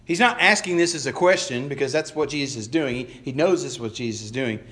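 A man's voice: medium pitch, fast, fairly bright tone. A male pastor preaching a sermon in a conversational way, often restarting phrases and acting out the quoted lines of the people he talks about. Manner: acts out quoted lines in voices.

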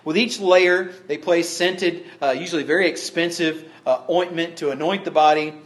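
A man's voice: on the high side, fairly even intonation, moderate pace. A middle-aged man preaching a sermon in a conversational way, with dry humorous asides. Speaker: pastor.

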